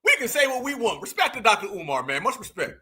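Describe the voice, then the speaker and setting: A man with a Southern US accent hosting a livestream, talking straight to his audience in animated casual commentary. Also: extremely high pitch, fast, slightly rough. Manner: animated, addresses audience as fam and y'all. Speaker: livestream host.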